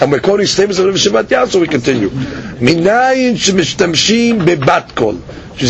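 High lively gravelly male Talmud teacher. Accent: Sephardic Hebrew pronunciation. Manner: explains Aramaic phrases line by line, with frequent fillers and repeats. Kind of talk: daily Talmud class. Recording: dull lo-fi podcast audio with faint rumble.

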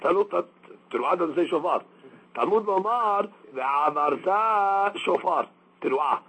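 A man's voice: high-pitched, lively intonation, measured pace, fairly bright tone, husky, rough recording. A man teaching a daily Talmud class, explaining step by step and mixing Aramaic quotes with English.

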